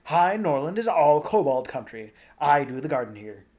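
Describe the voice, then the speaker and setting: A man reading aloud, voicing a small grumpy male kobold with a hoarse, gruff voice. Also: a little high, very animated, moderate pace, a little mellow. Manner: gruff, curt.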